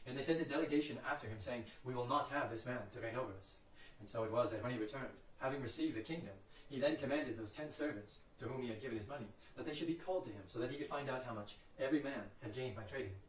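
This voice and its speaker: A man reciting Bible passages from memory in a brisk, steady way, lifting his voice for the quoted cries. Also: mid-range voice, echoey room, far from the mic, slight background noise, low-quality recording. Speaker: Scripture reciter.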